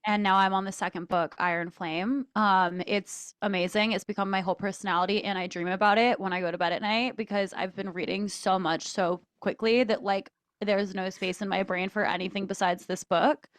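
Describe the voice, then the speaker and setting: A woman's voice: medium pitch, steady tone, a little fast, few pauses, no room sound. Chatty young woman, dry close sound. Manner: chatty, filler-heavy, playful, swears casually. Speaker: podcast co-host. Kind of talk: casual chat.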